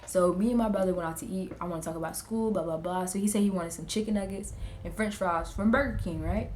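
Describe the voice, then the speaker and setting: A woman's voice: fairly low pitch, fast talker, slight background noise. Young woman telling a family story. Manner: animated, acts out family members' lines in quotes. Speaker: vlogger. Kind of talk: casual storytelling while getting ready. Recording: echoey room.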